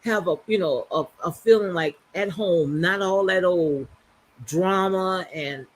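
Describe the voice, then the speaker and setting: A woman's voice: lowish voice, a little slow, a little hiss or hum. A woman from the New Orleans area with a Southern Louisiana accent, hosting a casual livestream chat and calling her guest "girl" a lot. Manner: chatty, many "girl" and "you know" fillers. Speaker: livestream host.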